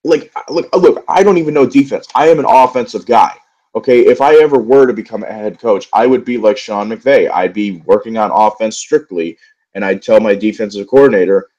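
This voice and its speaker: A man's voice: lowish voice, brisk, warm tone, muffled recording. A young man in a solo football recap vlog, frustrated and profane, rambling with many fillers and restarts. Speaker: sports vlogger. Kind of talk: angry solo football rant.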